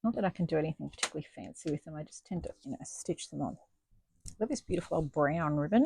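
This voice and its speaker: A woman's voice: low voice, expressive, fast talker, gravelly, darkish tone, breathy edge, no echo. A woman chatting casually and thinking aloud as she stitches in her home craft studio, self-deprecating and chatty. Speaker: stitching vlogger. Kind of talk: casual chat while stitching.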